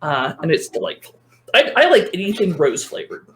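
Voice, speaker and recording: A woman's voice: fairly low pitch, big pitch swings, moderate pace, fairly bright tone, a little hiss or hum. A woman chatting as a podcast guest, rambling along and correcting herself as she talks. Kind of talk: casual chat.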